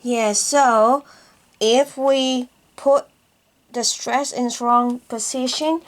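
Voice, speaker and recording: Slow-talking Vietnamese woman learner. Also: on the high side, steady tone. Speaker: English learner. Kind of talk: casual lesson chat.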